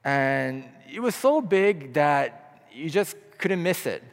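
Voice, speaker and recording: A high-voiced man delivers an impassioned sermon, dropping to hushed tones and then climbing to loud appeals. His voice rings out with a long hall reverb. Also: big pitch swings, takes it slowly, vocal fry. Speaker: pastor.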